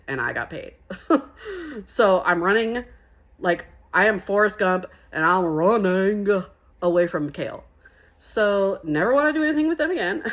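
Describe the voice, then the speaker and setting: Woman vlogger, young, sassy storytelling, laughs a lot, slightly low voice. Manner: animated, laughs often, sassy asides. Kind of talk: casual storytelling vlog.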